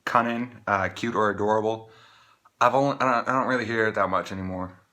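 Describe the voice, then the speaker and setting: A man from Maine talking casually to camera, rambling with many halting restarts. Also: on the low side, fairly even intonation, bright, forceful tone. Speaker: vlogger.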